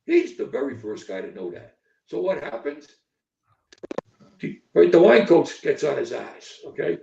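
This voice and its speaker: A man's voice: on the high side, big pitch swings, unhurried, gravelly, warm tone, a little hiss or hum. An older man, a football coach, talking bluntly in a podcast interview, profane and repetitive, checking in with "okay?" and "right?". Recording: echoey distant lo-fi stream audio.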